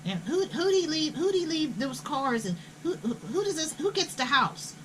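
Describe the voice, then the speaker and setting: A woman's voice: sits high, big pitch swings, moderate pace, fairly bright tone, slight background noise, poor audio. Blunt older woman. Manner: blunt, profane, indignant. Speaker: host. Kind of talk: casual storytelling.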